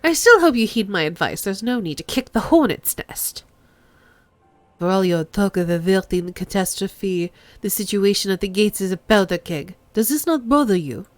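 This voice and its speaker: A woman voicing a calm, level-headed male police lieutenant who reasons firmly. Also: medium pitch, normal speed, dry recording, natural voice. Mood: earnest.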